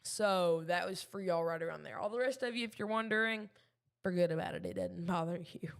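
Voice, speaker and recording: A woman's voice: fairly low pitch, fairly quick, gravelly. A young woman with a Southern Kentucky accent giving casual live weather radar commentary, chatty and self-deprecating, with many ums. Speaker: livestream weather streamer.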